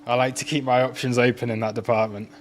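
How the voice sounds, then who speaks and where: This trading livestream host talks fast in a mid-range, level voice, with a little hiss or hum on the recording. His manner is casual and self-amused, with frequent laughter at himself.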